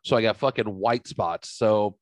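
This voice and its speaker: A man with a lowish voice hosts a casual, profane podcast. He rambles through stories and keeps poking fun at himself. The sound is dry and close. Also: normal speed, dry recording. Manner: self-mocking, rambling storyteller. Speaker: podcast host.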